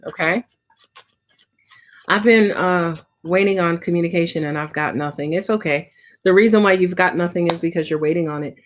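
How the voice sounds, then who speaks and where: A tarot reader with a lowish voice gives a casual live reading at normal speed. She's chatty, swears often, and fills her talk with "right?" and "um".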